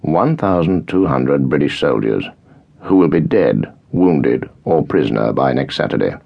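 A man reading an audiobook, voicing a calm, grave senior British captain who speaks in a measured, authoritative way, on a dull lo-fi recording. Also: extremely low pitch, creaky, exaggerated voice.

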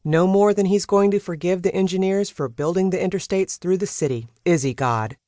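A woman's voice: fairly low pitch, a little fast, warm tone, dry recording, clean studio sound, voice pushed up, close to an everyday voice. A woman voicing a blunt, outspoken woman reporter who presses her questions. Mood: insistent. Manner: blunt, insistent.

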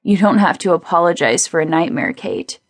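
A woman narrator voicing a calm, steady woman who soothes her partner in a soft, low voice. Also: normal speed, no echo, studio quality, natural voice. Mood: soothing.

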